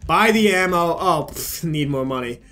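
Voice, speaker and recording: A man's voice: on the high side, lively intonation, moderate pace, sharp tone. A young man hosting a gaming channel, rambling and joking with plenty of swearing as he comments on his play. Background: faint game music.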